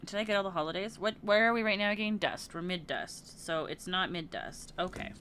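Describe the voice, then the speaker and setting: Bright-voiced woman streaming a game. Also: fairly low pitch, a little fast, a little hiss or hum. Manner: thinking aloud, chatty, trails off into murmurs. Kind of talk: casual let's-play commentary.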